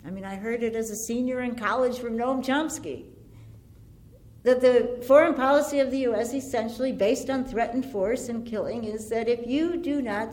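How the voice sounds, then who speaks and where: Woman, antiwar speaker, higher register, impassioned but measured public-speech delivery. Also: darkish tone. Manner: earnest, deliberate, building through lists.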